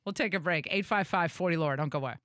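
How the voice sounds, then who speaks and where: A woman hosting a radio talk show, chatting in a casual, animated way with quick asides and restarts. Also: on the low side, background noise.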